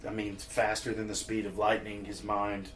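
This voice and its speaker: A man appearing as a podcast guest, telling stories in a relaxed way and laughing often. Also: fairly low pitch, normal speed, faint music behind. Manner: easygoing storyteller, laughs often. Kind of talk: casual chat.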